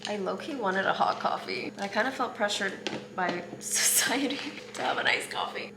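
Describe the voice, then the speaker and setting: A woman's voice: medium pitch, moderate pace, gravelly. A young woman in her twenties chatting candidly in a casual vlog at home, laughing easily. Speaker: vlogger. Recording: echoey room with loud ambient noise.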